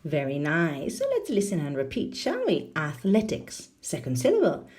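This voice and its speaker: A woman teaching an English lesson, speaking slowly and clearly and asking her learners questions. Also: low voice, wildly swooping pitch, a little mellow. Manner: slow, clear classroom delivery with questions to learners.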